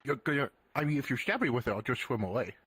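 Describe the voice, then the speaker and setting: Someone doing a husky, stammering fish tourist. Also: animated, fast talker, a bit bright. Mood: taunting. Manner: stammering, taunting, swooping pitch. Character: stubborn fish-creature tourist.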